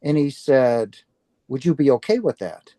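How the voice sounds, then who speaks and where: A man, a guest in an interview, telling a story casually and acting out the dialogue with lively restarts. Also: medium pitch, measured pace, no echo. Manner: animated, acts out quoted dialogue with restarts.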